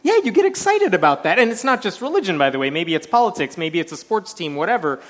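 A man's voice: high voice, very animated, quick pace. A man in a stage debate, talking eagerly and laughing often. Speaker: atheist debater.

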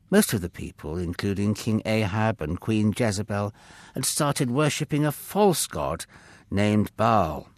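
A man narrating a children's Bible story with expressive storytelling. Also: on the low side, measured pace, no echo.

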